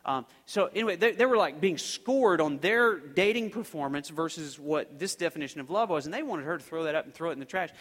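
A man's voice: on the high side, lively intonation, fairly quick, hardly any pauses, a bit bright. A man preaching a sermon, telling a story in a loose, conversational way full of restarts and fillers. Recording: long reverb of a large hall.

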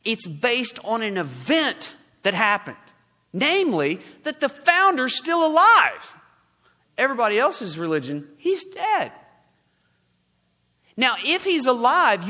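A man preaching a sermon, forceful, with loud emphatic peaks and quiet low asides. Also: husky, in a large hall.

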